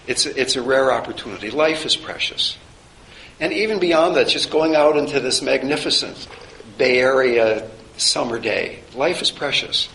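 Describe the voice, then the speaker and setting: A man's voice: mid-range voice, creaky, fairly bright tone. A man giving an informal classroom lecture, reflective and conversational with wry humor. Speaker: teacher of a chaplaincy course. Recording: roomy with faint background noise.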